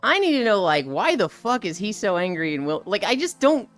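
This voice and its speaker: Faint music sits under this animated, profane live-stream rant, in which a young woman streamer chats casually about a game's story. Her pitch is medium and her delivery fairly quick.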